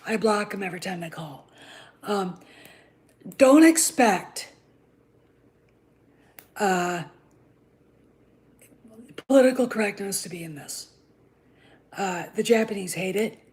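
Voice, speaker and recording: A woman's voice: medium pitch, animated, slow, pauses often, darkish tone. A woman hosting a casual commentary vlog, talking in a blunt, profane and opinionated rambling way. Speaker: host of a channel on the Star Wars franchise.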